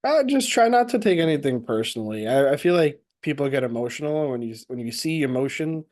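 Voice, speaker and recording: A man's voice: fairly high pitch, expressive, a little fast, darkish tone. A man chatting casually as a guest, easygoing, laughing often, with loose restarts. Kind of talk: casual chat.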